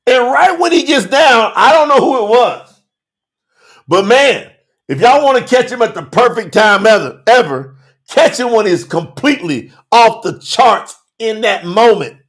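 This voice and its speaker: A man's voice: very high voice, very animated, a little slow, a bit bright. A man teaching scripture as a podcast host, preaching emphatically in casual slang and firing off rhetorical questions. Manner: casual slangy street talk. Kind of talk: livestreamed Bible study sermon.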